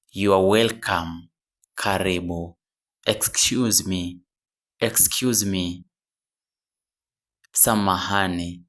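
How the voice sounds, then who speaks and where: Speaking at an extremely unhurried pace, a low-voiced English teacher whose tone is a bit bright walks beginners through short phrases, saying each slowly and often twice before translating it. He sometimes halts mid-phrase to correct himself.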